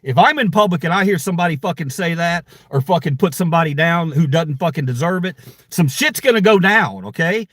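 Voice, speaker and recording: Furious, swearing man with a lively pitch. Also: fairly quick, no echo, studio quality. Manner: heated, profane, confrontational. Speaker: channel host. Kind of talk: angry livestream rant.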